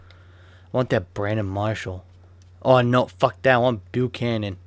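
A little slow and fairly even in intonation, a young gaming YouTuber with a mid-range voice talks loosely over a football game while opening card packs. He swears freely and bursts into sudden rants, recorded with no echo.

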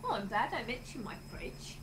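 Cheerful high-voiced woman hosting a kids' club. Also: big pitch swings, normal speed, noisy background. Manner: cheerful, sing-song greetings. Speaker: children's Bible club host. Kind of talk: friendly talk to children.

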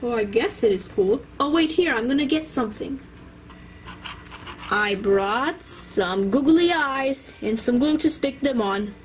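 A woman's voice: fairly high pitch, lively intonation, unhurried, a little hiss or hum. A woman voicing a toddler boy who loves math and shows off, in a toy-doll play video. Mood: chatty. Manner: show-off exclamations.

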